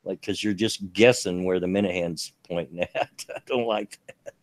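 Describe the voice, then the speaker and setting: A man's voice: sits low, moderate pace, dry recording. A man co-hosting a casual political chat, easygoing and plain-spoken.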